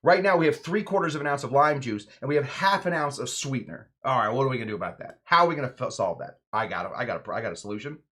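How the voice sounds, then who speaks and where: A man's voice: mid-range voice, animated, racing, hardly any pauses, a bit bright. Playful man hosting a cocktail show. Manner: playful, jokey, rambling asides. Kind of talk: casual chat while mixing drinks.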